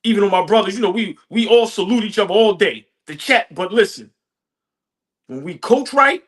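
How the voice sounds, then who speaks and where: A man co-hosting a sports podcast, celebrating a win with boastful, animated talk and frequent laughter. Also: high-pitched. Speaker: podcast co-host. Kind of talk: excited post-game sports talk.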